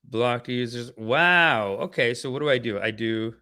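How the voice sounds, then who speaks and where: A man's voice: mid-range voice, measured pace, bright, forceful tone, smooth. A young man hosting a livestream, chatting casually and rambling playfully while talking to his viewers. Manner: rambling, playful, talks to chat. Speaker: livestream host.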